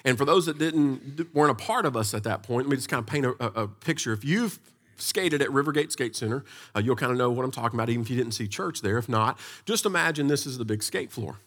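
A man's voice: medium pitch, fast. A man, a pastor, telling a church story in a loose, conversational sermon style. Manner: conversational, animated storytelling with restarts.

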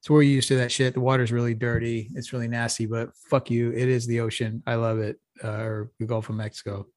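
A man's voice: mid-range voice, flat delivery, a little fast, darkish tone, dry recording, clean studio sound. A middle-aged man from Texas, a podcast co-host telling a rambling, profane story in a casual chat. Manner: profane, laid-back storytelling with frequent laughs.

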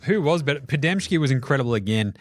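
An Australian man hosting a casual sports podcast, swearing freely and telling animated stories. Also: mid-range voice, fast. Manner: swearing, laughing, animated storytelling. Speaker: podcast host.

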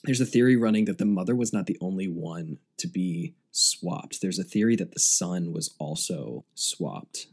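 Low husky-voiced man, chatty podcaster. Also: a little mellow. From United States. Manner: chatty, fast, many "like" fillers. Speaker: podcast co-host. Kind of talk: casual film podcast chat.

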